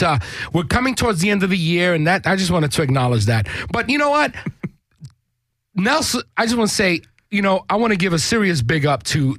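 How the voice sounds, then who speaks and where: Male co-host, casual profane rambler, slightly high pitch, dry studio sound. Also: a bit bright, dry recording. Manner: profane, rambling, with many restarts. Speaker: podcast co-host. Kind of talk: casual chat.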